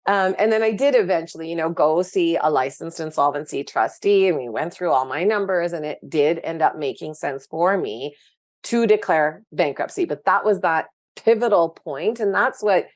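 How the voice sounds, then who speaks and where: A woman's voice: deep voice, moderate pace. A woman, a guest speaking frankly and with animation about her own past, with many fillers. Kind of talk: candid personal story in interview.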